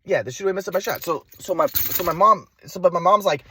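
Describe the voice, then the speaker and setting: A man's voice: sits high, quick pace, sharp tone, a little hiss or hum. A man in a rambling personal monologue, stammering with frequent restarts and swearing freely. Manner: repetitive restarts, stammering, profane. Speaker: vlogger.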